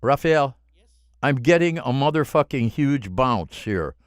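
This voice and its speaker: A man's voice: mid-range voice, lively intonation, measured pace, clear, resonant tone, no room sound, studio quality. A man recording a voice-over and chatting with the director about how to read the lines, in a questioning, self-aware way. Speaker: voice-over narrator.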